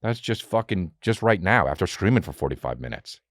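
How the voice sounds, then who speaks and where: A man's voice: low voice, sing-song, brisk, fairly bright tone, no echo, studio quality. A man hosting a podcast alone at home, talking in a loose, profane, rambling comedic monologue that jumps from topic to topic. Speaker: podcast host. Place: home room with a fan running.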